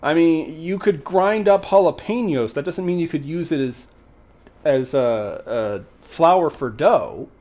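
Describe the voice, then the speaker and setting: A man hosting a livestream, retelling a folk tale in a casual way with animated, exasperated banter aimed at the chat. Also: fairly high pitch, unhurried. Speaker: host.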